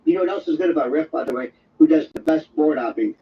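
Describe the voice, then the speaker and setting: A man hosting an overnight radio talk show. He tells a wandering, jokey monologue and slips into quick impressions. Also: a little high, far from the mic, muffled recording. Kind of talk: rambling comic monologue.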